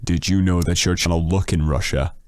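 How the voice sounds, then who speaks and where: A man streaming casually through a deep voice changer, reading chat comments aloud with crude jokes. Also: steady tone, a little fast, darkish tone, no room sound.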